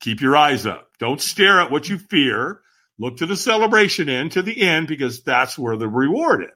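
A man, a podcast guest, telling a personal story in animated conversation, emphatic and acting out what others said. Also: on the high side, moderate pace. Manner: acts out quoted voices, emphatic.

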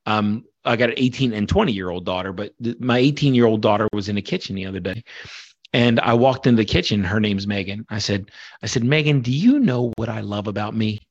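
A man's voice: on the low side, a little fast, dry recording, dull audio. A man in his forties, a podcast guest, talking passionately and a bit preachy about self-worth. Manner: passionate, preachy, casual swearing. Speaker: guest, workshop leader. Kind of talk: motivational podcast conversation.

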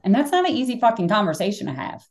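A middle-aged woman hosting a podcast, telling stories in casual conversation, animated and swearing freely. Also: mid-range voice, rapid-fire, creaky. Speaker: podcast host.

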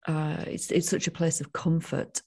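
A woman hosts a podcast interview and talks reflectively, warmly affirming her guest. Her voice is very low, with a husky, gravelly edge. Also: fairly even intonation, normal speed. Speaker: podcast host. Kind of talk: casual interview talk.

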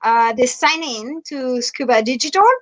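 A woman's voice: high-pitched, moderate pace, rough recording. A woman with a French accent, a dive instructor and resort manager, answering interview questions with lots of hesitant fillers. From France. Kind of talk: online interview.

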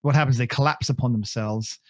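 A man's voice: medium pitch, brisk, no echo, studio quality. A man co-hosting a podcast in casual chat, rambling and joking at his own expense with many restarts. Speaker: podcast co-host.

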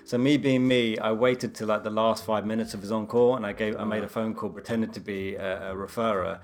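A man's voice: lowish voice, fairly even intonation, brisk. A man, a doctor co-hosting a podcast, telling a playful anecdote in casual chat.

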